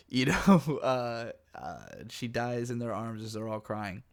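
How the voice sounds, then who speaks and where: A man talking through an anime episode in casual commentary, excitable and profane, with lots of fillers. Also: medium pitch, takes it slowly, vocal fry. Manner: animated, profane, excitable storytelling. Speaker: anime reviewer.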